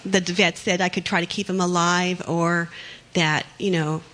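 A woman sharing a personal story with a group in an earnest, halting way while tearful. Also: lowish voice, flat delivery, a bit bright. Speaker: workshop participant.

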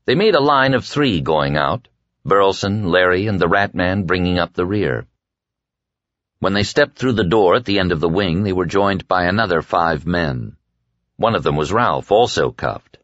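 A man reading an audiobook in measured scripted narration, quietly voicing the dialogue as he goes. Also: deep voice, lively intonation, no echo, dull audio.

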